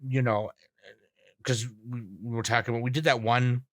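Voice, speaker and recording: A man's voice: medium pitch, level tone, normal speed, dry recording, studio quality. A man hosting a podcast, bantering casually with crude jokes and rambling through stories. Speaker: podcast host.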